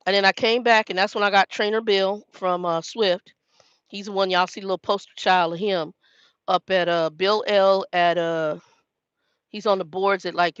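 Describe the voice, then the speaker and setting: A woman's voice: mid-range voice, a bit bright, no echo, lo-fi sound. A woman, a truck driving trainer chatting casually to viewers and telling a story by quoting herself. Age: 50s.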